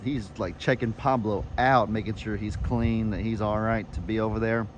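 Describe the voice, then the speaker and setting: A man's voice: steady tone, moderate pace. Chatty man with outdoor noise behind. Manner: chatty, talks to his dogs in a high coaxing voice. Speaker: farm vlogger. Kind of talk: casual vlog chat.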